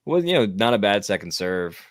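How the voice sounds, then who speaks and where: A man's voice: fairly low pitch, sing-song, no room sound, studio quality. A man co-hosting a live tennis watchalong, commenting casually and playfully riffing with his co-host. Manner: playful, jokey, quick to riff.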